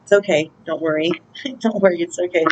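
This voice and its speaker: A woman's voice: fairly low pitch, a little fast, darkish tone, muffled recording, slight background noise. A woman giving a casual spiritual oracle reading, chatty and laughing often as she greets angels aloud. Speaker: intuitive oracle card reader.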